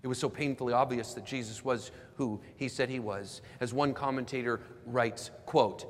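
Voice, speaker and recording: A Canadian man in his forties preaching a sermon, swinging between loud emphasis and hushed near-whispers. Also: medium pitch, moderate pace, hardly any pauses. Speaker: pastor. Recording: long hall reverb, faint background noise.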